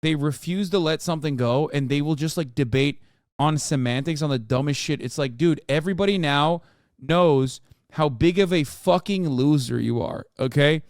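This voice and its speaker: A man's voice: fairly high pitch, moderate pace, no room sound, clean studio sound. A man in his thirties streaming casual, profane reaction commentary, ranting and mocking in an exasperated way.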